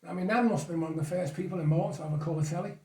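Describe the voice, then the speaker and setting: His voice sits high and warm, and he races along as he reminisces. A man in his 60s, he's a guest in a casual chat, rambling and chuckling often, captured by a distant mic in an echoey room.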